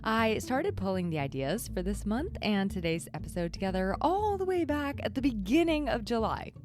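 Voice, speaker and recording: On her solo podcast, a woman with a fairly high, darkish voice talks at a moderate pace, very animated. She's candid and chatty, saying "like" constantly, and often sounds close to tears.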